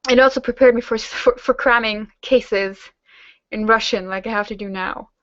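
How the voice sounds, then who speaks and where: Young woman, native German speaker, casual q&a chat, slightly high voice, dull dry sound. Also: normal speed, fairly bright tone. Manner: chatty, many fillers and restarts. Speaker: host; teacher-training student.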